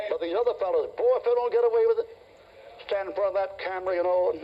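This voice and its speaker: An older man preaching a fiery, mocking sermon to a congregation, yelling and growling as he goes. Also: sits high, fast. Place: church before a congregation. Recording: muffled old tape with hiss.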